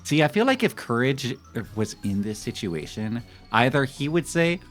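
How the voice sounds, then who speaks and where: A man in his thirties chatting casually with his stream viewers in a rambling, animated way, often breaking into laughter. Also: medium pitch, moderate pace, soft background music. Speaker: live streamer.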